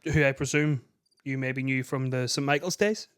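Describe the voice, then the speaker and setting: A man's voice: medium pitch, fairly even intonation, moderate pace, a bit bright, smooth, dry recording. Male co-host, upbeat prompter, dry booth sound. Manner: chatty, eager, prompting stories. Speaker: podcast co-host. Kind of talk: casual chat.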